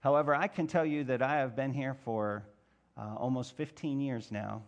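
A man preaching a sermon as pastor, asking his congregation rhetorical questions and building to loud, emphatic passages. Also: medium pitch, fairly even intonation, moderate pace, highs cut off.

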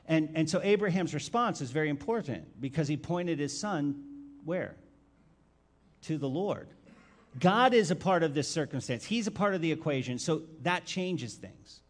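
A male pastor preaching a sermon and reading scripture, asking his listeners direct questions and stressing key words by swinging his loudness. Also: fairly high pitch, lively intonation, normal speed. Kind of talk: expository sermon with Bible reading.

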